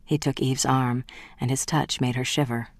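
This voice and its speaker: An audiobook narrator reading a novel in an even, measured way. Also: medium pitch, no echo. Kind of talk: scripted narration.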